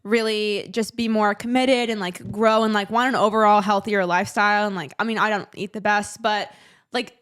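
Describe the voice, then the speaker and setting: A woman's voice: mid-range voice, fairly even intonation, moderate pace, a bit bright, smooth. Rambling young woman podcast guest. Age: 20s. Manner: rambling, filler-heavy, trails off with laughs. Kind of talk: casual chat.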